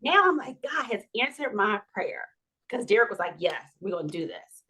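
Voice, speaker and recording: A woman's voice: mid-range voice, moderate pace, slightly rough. A woman in her forties, a podcast guest, telling a personal story with laughs and acted-out dialogue. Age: 40s. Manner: animated, laughing, acts out quoted dialogue.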